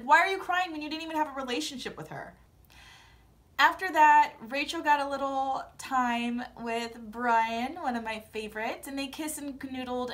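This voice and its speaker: A young woman vlogging sassy, animated, opinionated commentary in casual chat. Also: high voice. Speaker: vlogger recapping a TV show.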